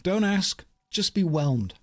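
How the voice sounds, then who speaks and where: A man's voice: high-pitched, expressive, takes it slowly, a little mellow. A man streaming a video game, chatting playfully with viewers in casual commentary.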